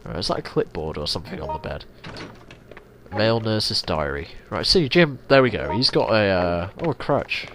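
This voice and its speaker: A man's voice: low voice, normal speed, crowd noise. A man giving casual, rambling commentary while playing a video game, swearing often. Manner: chatty, rambling, lively swearing. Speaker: let's play host. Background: game music.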